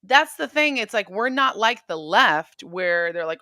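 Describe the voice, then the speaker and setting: A woman guest on a political chat show, talking in a blunt, emphatic way and quick to mock. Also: medium pitch, lively intonation, pushed and bright, no echo, studio quality. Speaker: guest commentator.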